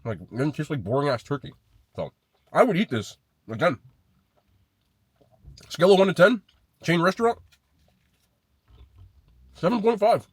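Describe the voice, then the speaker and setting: A man's voice: fairly high pitch, animated, normal speed, long pauses, slightly rough, dry recording. A man reviewing chain restaurant sandwiches in a casual vlog, blunt and swearing freely as he rates them. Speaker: food vlogger.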